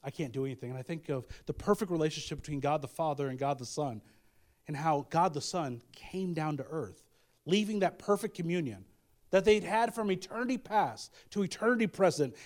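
A man with a high, light voice delivers a sermon. He talks in a loose, conversational way, repeating phrases and tossing in asides to the congregation. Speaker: pastor.

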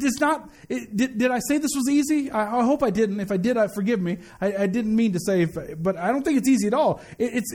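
Man, high voice, preacher, animated conversational sermon with slangy asides.

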